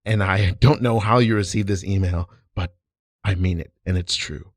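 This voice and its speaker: A man hosting a comedy podcast, improvising rapid, rambling letters that break into laughter. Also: lowish voice, creaky, dry recording, studio quality. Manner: fast, breathless rants with laughs. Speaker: podcast host. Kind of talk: improvised comedy and casual chat.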